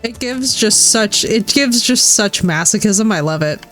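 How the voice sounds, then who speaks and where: A woman streams a game and banters with her viewers in a casual, joking way, swearing now and then. Her pitch sits mid-range, and faint music runs underneath. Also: expressive, measured pace, fairly bright tone. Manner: playful, swearing, laughing, chatting with viewers. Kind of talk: casual live-stream chat over gameplay.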